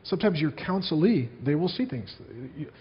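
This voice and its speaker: A man preaching from the pulpit in a fairly high voice, earnest and storytelling as he speaks to his congregation. The sound comes from a dull, lo-fi archive recording of the sermon. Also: very animated, brisk, big-room sound. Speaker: pastor.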